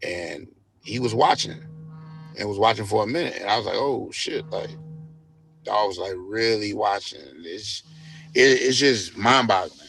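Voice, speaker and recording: Low gravelly man telling a story. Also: unhurried, a bit bright, faint music behind. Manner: laid-back, profane, acts out quotes. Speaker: DJ guest. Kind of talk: casual storytelling interview.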